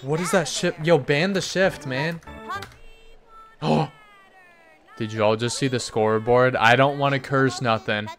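A man giving excited game commentary as a gaming YouTuber, hyped and cheering players on by name. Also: medium pitch, slow, pauses often, soft background music.

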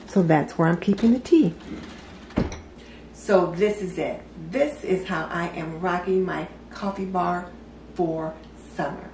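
A woman's voice: fairly low pitch, a little mellow, a little hiss or hum. A middle-aged woman giving a chatty, upbeat, homey show-and-tell tour of her kitchen decor. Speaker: home decor vlogger. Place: home kitchen. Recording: roomy echo, a little far from the mic.

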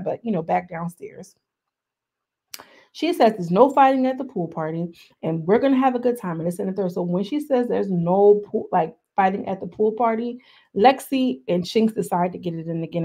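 A woman giving casual, slangy commentary as she recaps a reality show episode, full of animated asides. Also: medium pitch, creaky, slightly rough.

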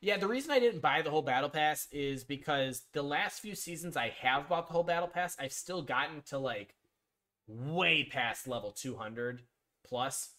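A man's voice: on the high side, animated, normal speed, pushed and bright. Guy rambling on his live stream, blunt picks, lots of ums. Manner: rambling, talks to chat viewers, frequent ums and restarts; blunt, mildly profane opinions. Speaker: streamer making sports picks. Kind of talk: casual live-stream chat.

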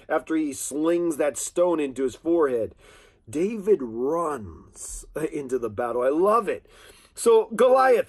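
A man preaching a sermon in an impassioned, emphatic way, repeating key phrases. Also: sits high.

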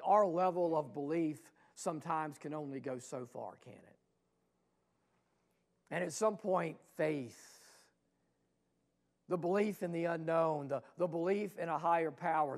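Pastor, male, raised pitch with gravel in it; sermon delivery that throws rhetorical questions at the congregation. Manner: dynamic preaching, swelling loud then dropping to hushed asides. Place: church sanctuary.

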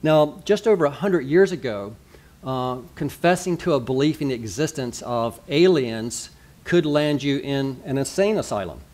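A man's voice: medium pitch, lively intonation, normal speed, darkish tone. A man, a pastor giving a sermon in a chatty, conversational way, full of asides and rhetorical questions.

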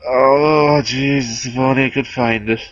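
A man's voice: medium pitch, steady tone, a little slow, no echo, dull audio, soft background music. A man giving casual, chatty, self-amused commentary over a video game as he explains weapons. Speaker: game guide host.

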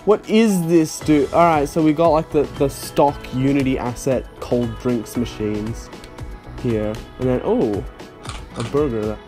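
A man's voice: mid-range voice, unhurried, mellow, faint music behind. A young man commenting on a game he is playing, with sarcastic, incredulous reactions. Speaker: gaming YouTuber. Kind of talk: let's play commentary.

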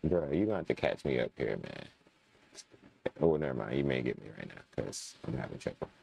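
A man's voice: a bass voice, sing-song, brisk, vocal fry, a little mellow. A young man casually commenting while playing a game, chatting to his viewers and muttering when frustrated. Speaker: gaming channel host. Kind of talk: casual let's-play commentary.

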